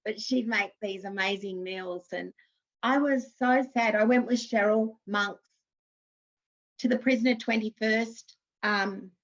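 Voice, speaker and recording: A woman's voice: medium pitch, steady tone, unhurried, highs cut off. An Australian woman in her fifties, a former TV actress, chatting through anecdotes in an interview with frequent restarts. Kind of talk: casual interview storytelling.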